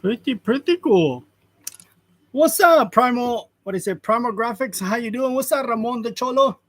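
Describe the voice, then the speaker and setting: A man's voice: extremely high pitch, expressive, moderate pace, no room sound. Chuckling man in his forties, dry close sound. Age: 40s. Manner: greets viewers by name, chuckles often. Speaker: host of a live stream. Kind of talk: casual live-stream chat. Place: print shop. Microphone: wireless lavalier.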